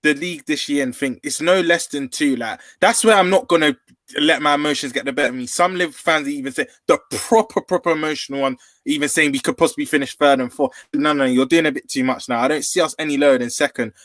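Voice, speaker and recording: Earnest male panelist, slightly high voice, dry close sound. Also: fast, a bit bright, no room sound. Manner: earnest, chimes in with agreement. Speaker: panel guest. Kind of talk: casual chat.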